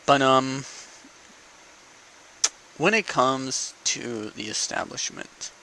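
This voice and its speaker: A man's voice: medium pitch, animated, takes it slowly, pushed and bright, rough recording. A young man in a casual, profane political rant to camera, asking "okay?" between points. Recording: faint background noise.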